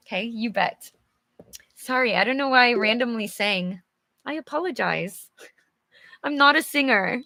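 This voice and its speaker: A woman teaching English to learners on a live stream, reading from a storybook and stopping often to explain words. She speaks slowly with a bright, slightly high voice that carries energy. Her sound is close and dry, with almost no room. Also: no echo. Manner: friendly and chatty, asks viewers questions, laughs often. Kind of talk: slow, clear live teaching and read-aloud.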